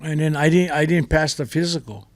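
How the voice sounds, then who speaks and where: An older man from Hawaii, a guest chef telling stories in a lively, casual way with pidgin turns. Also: fairly high pitch, brisk, dry recording. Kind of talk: casual storytelling.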